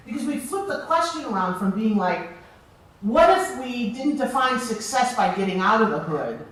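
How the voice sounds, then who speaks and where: A woman giving a storytelling speech to an audience, expressive and deliberate with dramatic pauses. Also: fairly high pitch. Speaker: keynote speaker. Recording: very echoey hall, distant mic.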